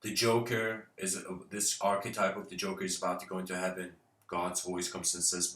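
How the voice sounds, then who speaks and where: A man's voice: low voice, monotone, brisk, few pauses, fairly bright tone, recorded from a distance. A man giving an informal spiritual lecture, rambling, laughing often and using lots of fillers. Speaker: speaker. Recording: roomy echo.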